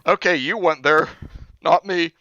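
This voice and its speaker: A young man co-hosting a casual comedy chat while reading a bad book, giggly and prone to loud mock shouts. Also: fairly high pitch, a little slow, no room sound, lo-fi sound. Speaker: co-host.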